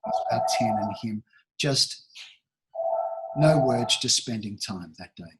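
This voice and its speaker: A man's voice: on the low side, animated, measured pace, heavy background noise. A man in his sixties from Australia, a talent agency founder talking thoughtfully as an interview guest, with many restarts and fillers. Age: 60s. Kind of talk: reflective interview conversation.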